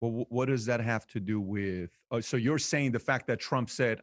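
A man's voice: mid-range voice, normal speed, few pauses, no room sound. Hesitant male host, dry sound. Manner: hesitant, restarts, fillers. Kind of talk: casual debate chat.

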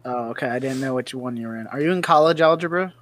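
A man's voice: mid-range voice, fast, slight background noise. A man co-hosting a podcast in casual chat, easygoing and teasing, chiming in with short replies. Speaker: podcast co-host.

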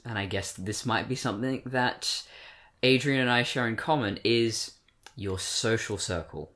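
A man's voice: fairly low pitch, fairly bright tone. An English-accented man in his twenties holds a casual chat. He rambles, stops to correct himself and fills gaps with ums. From born in Britain, raised in Australia. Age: 20s. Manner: rambling, self-correcting, frequent fillers. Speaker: podcast co-host. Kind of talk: casual discussion.

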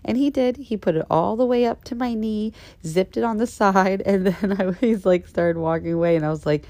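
A woman in her thirties hosting a podcast, telling a story in a sassy, petty and animated way. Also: medium pitch, moderate pace, no room sound. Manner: sassy, petty, animated storyteller who calls listeners honey. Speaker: podcast host. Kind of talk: casual storytelling monologue.

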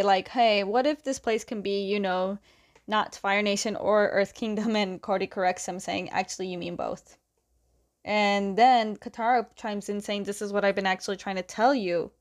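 A woman talks through a story recap in a loose, chatty way, quoting each character in turn with "and she's like." Her voice sits at an ordinary middle pitch, and she breaks into small laughs as she goes. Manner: chatty, strings quotes with "is like", laughs often. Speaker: comic book recapper.

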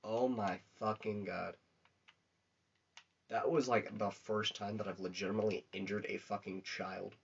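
A man's voice: on the low side, fairly even intonation, unhurried, vocal fry, slightly rough. A young man chatting casually on a podcast, telling rambling, crude, profanity-laden stories. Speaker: podcast co-host. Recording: dull lo-fi recording.

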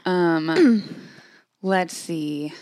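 A woman's voice: lowish voice, extremely slow, a little mellow, no echo, studio quality. A young woman co-hosting a podcast, telling stories in casual chat with fillers and lots of swearing. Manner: swears a lot, storytelling with fillers. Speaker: podcast co-host.

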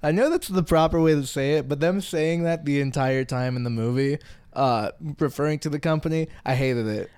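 A man's voice: on the high side, brisk, a little mellow, clear, resonant tone, no echo. A man co-hosting a podcast, chatting casually about a movie and thinking aloud in a hesitant way. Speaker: podcast co-host. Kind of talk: casual movie-review chat.

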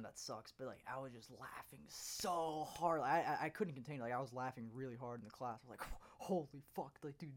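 A young man co-hosting a casual chat, telling a story in an animated, swearing, laughing way. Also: medium pitch.

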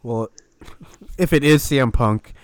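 A man's voice: medium pitch, unhurried. A man co-hosting a podcast, wry and teasing, running through rosters in casual wrestling chat. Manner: wry, teasing, lists facts. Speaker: podcast co-host.

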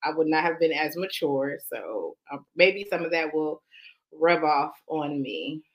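A woman co-hosting a casual chat, loud and profane, laughing often. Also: deep voice, lively intonation, unhurried, dull audio. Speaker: podcast co-host.

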